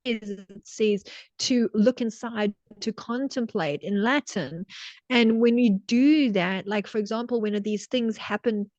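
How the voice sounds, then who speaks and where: A woman's voice: on the high side, unhurried, darkish tone, no room sound, dull audio. A woman co-hosting a podcast in casual chat, swearing freely and repeating phrases for emphasis. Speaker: podcast co-host.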